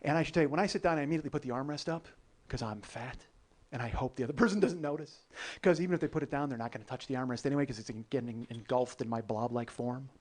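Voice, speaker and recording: A man's voice: medium pitch, very fast. A man hosting a comedy podcast, telling a long travel story in a loose, profane way and often laughing at his own jokes. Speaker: podcast host.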